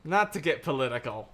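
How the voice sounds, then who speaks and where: A young American man hosts a casual live stream in a rambling, filler-heavy way, laughing often as he answers viewer comments. His voice sits a little high for a man. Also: fairly bright tone. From United States. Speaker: livestream host.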